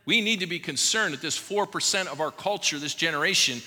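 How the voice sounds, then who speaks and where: A man preaching to his church congregation with urgent, pleading repetition. His voice sits a touch high and sounds sharp and forceful. It rings out with a long reverb from a church hall. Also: a little fast. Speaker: pastor. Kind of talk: sermon. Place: church service before a congregation.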